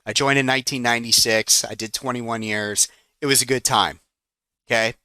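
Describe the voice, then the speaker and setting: Forties guy teaching a live trading room, bright punchy voice, smooth, gets all excited and chatty. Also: mid-range voice, normal speed, dry recording, studio quality. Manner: excitable and chatty, breaks off to manage trades. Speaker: trading educator.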